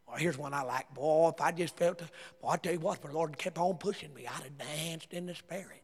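A man with a Southern US accent preaching a sermon, telling stories with laughter and rising to shouts. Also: fairly high pitch, fairly quick, breathy edge. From American South. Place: church sanctuary. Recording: long hall reverb.

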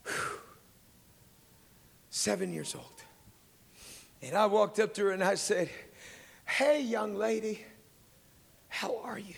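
A gravelly, husky male preacher with a high voice, delivering a sermon slowly. He moves from hushed storytelling to shouted praise and bursts of tongues. His voice rings through a church hall with a long reverb.

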